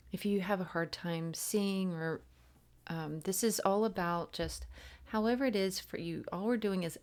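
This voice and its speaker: A woman reading an oracle card and leading a casual guided breathing meditation, speaking softly and unhurriedly with frequent ums and restarts. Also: on the low side.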